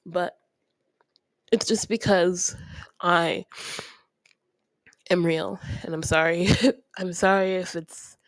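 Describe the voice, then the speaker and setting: A woman's voice: lowish voice, fairly even intonation, slow pace, long pauses, no room sound. Tearful woman podcaster, close and dry. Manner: soft, earnest, emotional, with small nervous laughs. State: tearful, sniffling. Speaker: podcast host. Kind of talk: heartfelt podcast monologue with spoken prayer.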